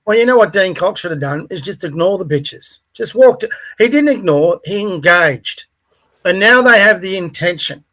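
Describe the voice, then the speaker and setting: A man's voice: sits high, lively intonation, normal speed, bright, forceful tone. A man with an Australian accent co-hosting a podcast, talking bluntly and angrily with lots of swearing. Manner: blunt, angry, profane. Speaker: podcast co-host. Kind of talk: heated casual chat.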